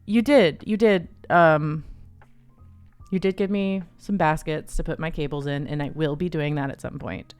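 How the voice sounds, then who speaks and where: Woman streamer rambling to chat, lowish voice, squeals when excited, faint music in the back. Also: normal speed, clear, resonant tone. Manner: chatty, giggly, bursts into high excited squeals. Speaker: livestream host. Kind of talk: casual livestream chat. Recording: dry close sound, faint music behind.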